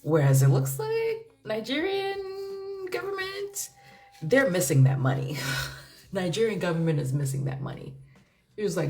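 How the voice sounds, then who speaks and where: A woman's voice: mid-range voice, wildly swooping pitch, unhurried, warm tone. A woman doing a casual tarot reading, musing aloud in a chatty way with frequent fillers and laughs. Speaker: tarot reader.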